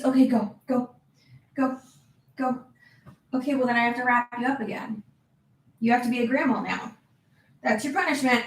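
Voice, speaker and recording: A woman's voice: fairly high pitch, moderate pace, long pauses, echoey room. A woman vlogger chatting at home, talking to and playfully scolding her dog in a doting, exasperated way. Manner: playful baby-talk scolding of a pet. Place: apartment room.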